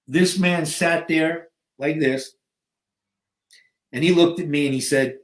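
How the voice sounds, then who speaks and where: A man in his fifties tells a story with flair, acting out each scene as he goes. His voice sits a little high for a man. The room gives it a noticeable echo. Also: takes it slowly, long pauses. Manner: vivid, dramatic storyteller who acts out scenes. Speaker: guest, bodybuilder and fitness coach. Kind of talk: storytelling in an interview. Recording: echoey room.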